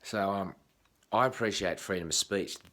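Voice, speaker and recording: A man's voice: sits low, fairly bright tone. An Australian man vlogging in a casual, rambling monologue, swearing often and restarting his sentences. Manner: frequent swearing, halting restarts.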